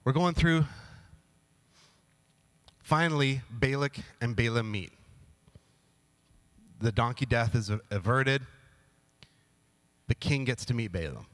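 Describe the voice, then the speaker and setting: A man as a pastor, giving a casual, humorous sermon with playful storytelling and quick asides. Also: medium pitch, lively intonation, rough recording.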